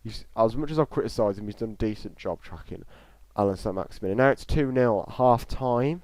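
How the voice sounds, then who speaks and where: Blunt, low-voiced man reacting live. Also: fairly quick, hardly any pauses, darkish tone, no room sound. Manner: casual, blunt and opinionated, talking straight to viewers. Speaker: host of a live match reaction stream. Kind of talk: live football reaction commentary.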